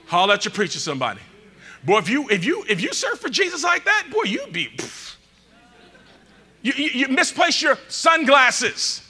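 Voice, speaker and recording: A man pastor preaching a sermon, calling out to the congregation and swinging between loud bursts and quiet asides. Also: very high-pitched, huge pitch swings, moderate pace, slightly rough.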